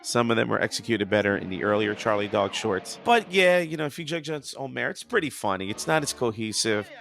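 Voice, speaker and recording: Dude guesting on a chill podcast, real gravelly voice, laughs a ton, repeats himself. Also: male voice, lowish voice, sing-song, quick pace, fairly bright tone, slight background noise. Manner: laughs often, repeats words. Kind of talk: casual chat.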